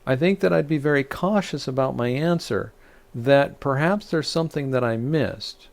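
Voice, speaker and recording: A man's voice: medium pitch, moderate pace, creaky. A man, a rabbi, teaching a Torah study, reading scripture aloud and explaining it with frequent restarts and fillers.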